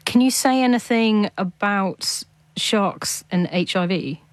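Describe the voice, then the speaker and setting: A woman hosting a radio science show, moving briskly between guests and topics. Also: medium pitch, no room sound. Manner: brisk, conversational linking. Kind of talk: radio presenting.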